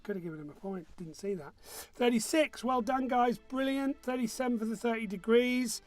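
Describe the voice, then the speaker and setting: Quiz MC, male, high voice, banter-heavy, faint music underneath. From northern England. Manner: chatty, jokey, reads out scores briskly. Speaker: quiz host. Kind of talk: casual online pub quiz hosting.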